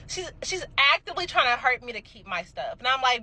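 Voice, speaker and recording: A young adult woman telling a casual storytime, animated and emphatic, swearing freely. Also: high voice, quick pace, poor audio.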